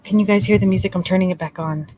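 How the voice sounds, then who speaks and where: A woman leading a relaxed crochet-along tutorial, chatting and laughing, counting stitches aloud softly. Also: mid-range voice, very fast, a little hiss or hum. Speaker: crochet teacher. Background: soft relaxing music.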